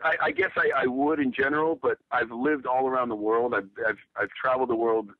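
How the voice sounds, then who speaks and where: A man's voice: mid-range voice, fairly even intonation, brisk, no room sound, narrow, tinny audio. A man from the United States, a guest in a casual interview, telling stories in a laid-back, rambling way.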